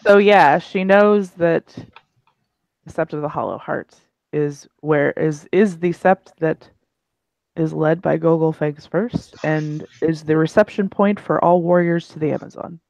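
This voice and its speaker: A woman's voice: low voice, unhurried, vocal fry, darkish tone, no room sound. A woman running a tabletop game as game master, explaining rolls bluntly and swearing freely. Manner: blunt, swears, laughs easily.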